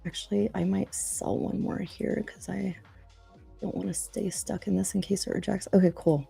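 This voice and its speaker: A woman's voice: mid-range voice, fairly even intonation, normal speed, creaky, dark tone, soft background music. A woman trader giving live commentary on her trades, calling price levels and targets and urging the market on. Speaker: trader on a live trading stream.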